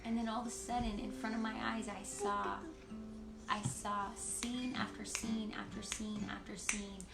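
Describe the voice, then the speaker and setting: A woman leading worship on a livestream, sharing a personal testimony in a candid, halting way with frequent laughs. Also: mid-range voice, little pitch movement, vocal fry. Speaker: worship leader. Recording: roomy echo with loud guitar. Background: guitar music.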